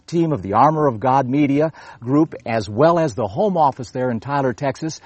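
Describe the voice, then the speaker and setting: A man's voice: a little high, a little mellow, husky, dry recording. A man hosting a religious TV program, talking earnestly and at length with a few restarts. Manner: earnest, wordy, with repeated restarts. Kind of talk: broadcast religious talk with viewer appeal.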